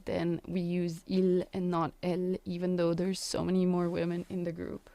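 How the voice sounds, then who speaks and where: A young woman teaching French words in English, repeating each phrase slowly and carefully. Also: mid-range voice, warm tone, no room sound. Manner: slow, careful pronunciation drills. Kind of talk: language lesson.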